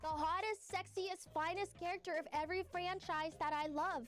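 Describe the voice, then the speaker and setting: High-voiced, giggly woman streamer. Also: fairly even intonation, moderate pace, a bit bright. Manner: joking, giggly and crude. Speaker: VTuber in played clips. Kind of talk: casual streaming chat. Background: music.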